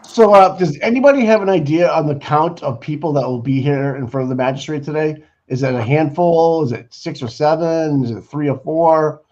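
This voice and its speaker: A man with a Boston accent co-hosting a casual live stream, animated and prone to repeating words. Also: a little high, a little fast, hardly any pauses, muffled recording. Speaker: co-host.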